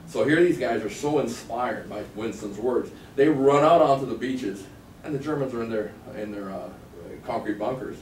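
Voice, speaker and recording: A man giving a sales negotiation seminar to a live class, telling stories and acting out phone calls. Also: mid-range voice. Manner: animated, storytelling, acts out phone lines. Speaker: sales trainer. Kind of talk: seminar lecture. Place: training room with a live class. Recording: echoey room, mic far off, faint noise.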